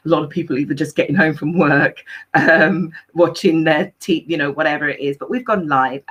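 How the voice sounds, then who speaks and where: A talk show host with a husky, breathy voice, chatting effusively on a live online stream. The delivery rambles and gushes, with a voice that sits in a medium register. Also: mid-range voice, fairly bright tone. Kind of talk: lively live-stream chat.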